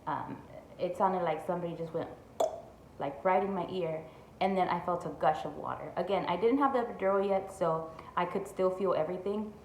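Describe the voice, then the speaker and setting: A woman's voice: on the low side, fairly quick, a little mellow, a little hiss or hum. A young woman chatting through a storytime vlog, full of "like" and "y'all". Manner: chatty, says "like" and "y'all" a lot. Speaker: vlogger. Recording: echoey room with faint ambience.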